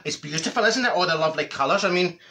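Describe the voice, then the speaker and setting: A man's voice: sits high, lively intonation, very fast, pushed and bright, exaggerated voice. A man playing a brash, straight-talking older woman from Glasgow with a Glaswegian accent, rambling through a comic monologue full of asides and cackling laughter. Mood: gossipy. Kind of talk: character comedy monologue.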